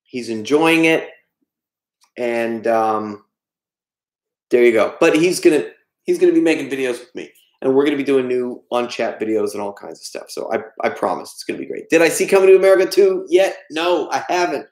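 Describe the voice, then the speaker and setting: Reading his chat out loud in an echoey room, a livestream host cracks self-deprecating jokes as he answers viewers. He has a medium-pitched voice with lively intonation and a moderate pace.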